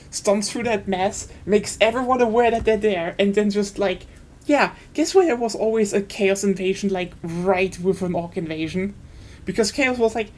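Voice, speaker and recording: A woman's voice: medium pitch, unhurried, darkish tone. A woman streaming a game, ranting casually and enthusiastically, with frequent swearing and fillers.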